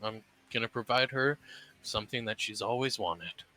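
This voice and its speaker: A man voicing a doting, earnest young husband who speaks in halting phrases and repeats words. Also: mid-range voice, pushed and bright, soft background music, lightly acted, poor audio.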